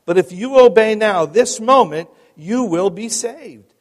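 Essex lay preacher, put on by a man, fervent, repetitive, pleading, high-pitched, long reverb. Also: measured pace. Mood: urgent. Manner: fervent, repetitive exhortation, rising to shouts. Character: uneducated working-class male lay preacher, pleading.

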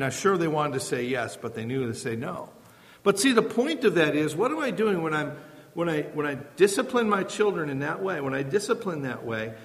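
A man's voice: a little high, a bit bright. A man preaching a sermon, emphatic and full of rhetorical questions. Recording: long hall reverb.

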